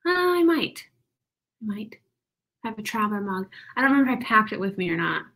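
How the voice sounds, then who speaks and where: A woman's voice: mid-range voice, very animated, brisk, gravelly, a bit bright. A woman hosting a writing livestream, chatting casually and a little out of breath, with lots of laughs and "like". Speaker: livestream host of writing sprints. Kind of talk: casual chat reading live comments.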